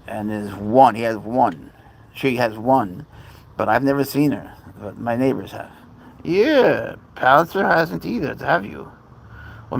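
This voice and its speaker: A man's voice: lowish voice, creaky, darkish tone, slightly rough, low-quality recording. A man hosting a casual livestream, rambling as he talks to his cats and answers viewers' chat. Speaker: livestream host.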